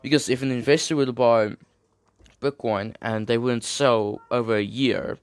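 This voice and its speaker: A young man reads an article aloud in a casual, slangy way, tripping over hard terms and cracking jokes between lines. His voice sits at an ordinary middle pitch. The sound is dry and close. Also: fairly even intonation, moderate pace, clear, resonant tone, dry recording. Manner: slangy, jokey asides, stumbles over terms. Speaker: streamer reading an article. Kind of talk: casual reading with commentary.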